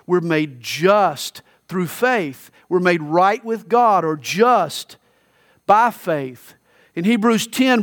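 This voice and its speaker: A man with a fairly high voice delivers an expository sermon. He mixes scripture with homely everyday asides. He climbs for emphasis and sinks low and hushed on solemn points. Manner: expository Bible teaching with plain folksy asides. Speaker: pastor.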